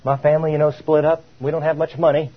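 A man's voice: on the high side, flat delivery, narrow, tinny audio, lightly acted. A man voicing a shy, stammering young man who is unsure of himself. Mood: hesitant. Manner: hesitant, halting.

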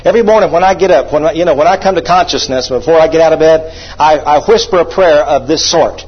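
Emphatic preacher, husky voice. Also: male voice, a little high, fast talker. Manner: emphatic, asks the congregation to repeat phrases. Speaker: pastor. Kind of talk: sermon. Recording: dull lo-fi recording.

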